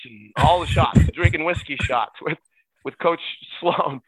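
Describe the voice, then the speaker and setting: This former ballboy, a middle-aged man with a medium pitch, tells lively stories as a podcast guest in a casual chat from home in Utah. The recording is dry with a tinny phone-line quality, and his excitable manner has him laughing and jumping into shouted impressions.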